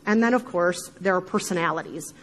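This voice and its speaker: A middle-aged woman with a Midwestern accent, giving an animated talk to a live audience, with emphatic asides and frequent laughter. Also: lowish voice, brisk, slight background noise, rough recording. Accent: Midwestern American. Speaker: podcast speaker giving a talk.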